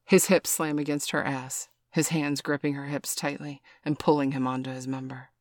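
A man's voice: fairly high pitch, flat delivery, normal speed, no room sound. Man narrating a story, dry and close. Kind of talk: scripted adult story narration.

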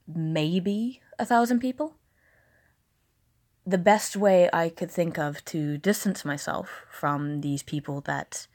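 A woman vlogger from the American South with a slight Southern accent, talking candidly and casually, swearing now and then. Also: lowish voice. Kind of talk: casual vlog monologue.

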